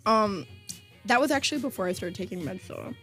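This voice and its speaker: A woman's voice: medium pitch, sing-song, brisk, fairly bright tone, faint music behind. A woman in her twenties co-hosting a student radio show, telling rambling personal stories full of "like.". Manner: rambling, lots of "like", laid-back. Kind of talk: casual on-air storytelling. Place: college radio studio.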